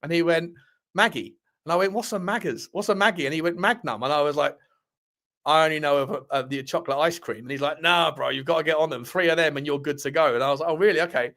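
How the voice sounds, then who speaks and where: A man's voice: a little high, quick pace, a bit bright. A man hosting a casual live chat, rambling, bantering with viewers and laughing often. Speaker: livestream host reading chat.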